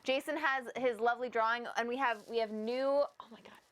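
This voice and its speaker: A woman's voice: a little high, steady tone, brisk, a bit bright. Teasing woman co-hosting a game stream. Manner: teasing, laughs often. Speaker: gaming livestream co-host. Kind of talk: playful livestream chat. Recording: game stream with music behind.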